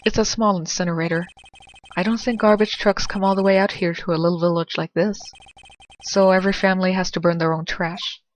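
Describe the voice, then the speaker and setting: A woman's voice: fairly low pitch, steady tone, a little fast. A woman giving casual, dry, sarcastic commentary while playing through a game and reading its dialogue. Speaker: let's play narrator.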